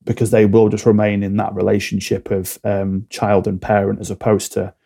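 Gravelly, dark-voiced man. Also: fairly low pitch, monotone, moderate pace. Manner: explains with acted-out mini dialogues. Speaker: podcast guest, alcohol-free coach. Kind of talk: candid podcast conversation.

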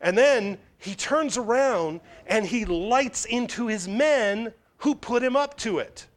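A male pastor preaching a verse-by-verse sermon, emphatic and dropping low and quiet to drive points home. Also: lively intonation, slow pace.

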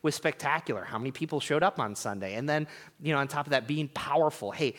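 Man, 30s, pastor, sermon in a church, conversational, loud emphasis, hushed near-whispers. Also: on the high side, fast. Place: church sanctuary.

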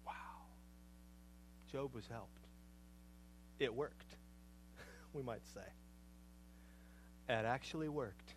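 A middle-aged man preaching a sermon, emphatic, repeating phrases, swelling to loud passionate peaks and then dropping low. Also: extremely slow, long pauses, slight background noise, poor audio.

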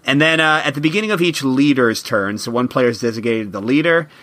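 A man co-hosting a board game podcast, talking in a relaxed, upbeat way with plenty of "uh"s as he explains rules. His voice is bright and forward, sitting at an ordinary middle pitch. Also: a little fast. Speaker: podcast co-host. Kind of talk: casual podcast chat.

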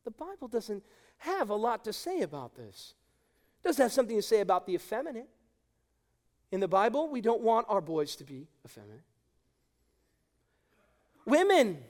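A middle-aged male pastor delivers an impassioned sermon in a high, animated voice. His pitch swings widely as he drives each point home. The sound rings with a long hall reverb. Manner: impassioned, emphatic preaching.

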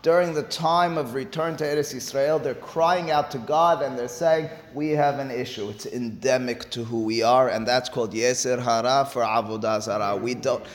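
A man's voice: medium pitch, fairly even intonation, moderate pace, few pauses. A man teaching a Talmud lesson, moving between reading the Hebrew and Aramaic text and explaining it in English, and rising to emphatic pleas as he presses his points.

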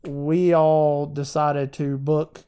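A woman's voice: sits low, flat delivery, very slow, mellow, clear, resonant tone. A woman co-hosting a podcast, chatting casually and telling a trip story, swearing freely and acting out quotes. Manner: swears freely, tells stories with acted quotes. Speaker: podcast co-host. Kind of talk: casual chat.

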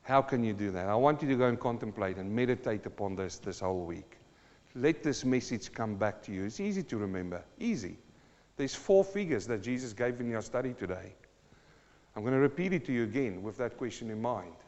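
A man's voice: animated, fairly quick, highs cut off. Impassioned preacher man in an echoey church. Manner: impassioned, swings between low earnest talk and loud declarations. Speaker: pastor. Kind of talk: sermon.

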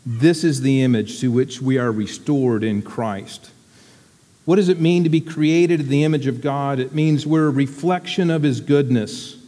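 A man giving a sermon to his church community in a reflective, unhurried, deliberate way. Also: mid-range voice, darkish tone, long reverb tail.

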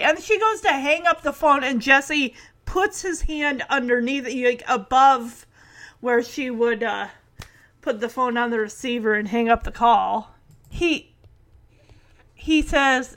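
A woman with a high, light voice recaps a sitcom episode in a casual chat. She talks loosely, laughs easily and slips into little bits of acting as she retells the scenes. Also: animated, a little slow, fairly bright tone. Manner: chatty, laughs often, acts out lines from the scenes.

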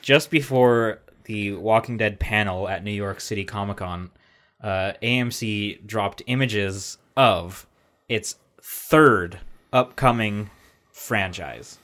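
A man's voice: fairly low pitch, slow pace, a bit bright. A man co-hosting a casual podcast, rambling and profane, laughing often. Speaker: podcast co-host.

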